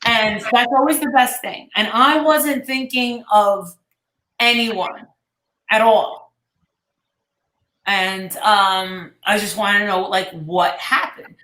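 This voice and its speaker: A woman's voice: medium pitch, takes it slowly, pushed and bright. A woman hosting a casual online chat, rambling and swearing freely as she retells what others said. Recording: echoey room.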